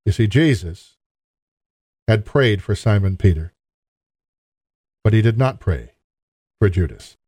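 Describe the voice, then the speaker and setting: A man's voice: lowish voice, expressive, slow pace, pauses often, dark tone, dry recording. A man preaching a sermon in an earnest, emphatic way, appealing directly to his listeners.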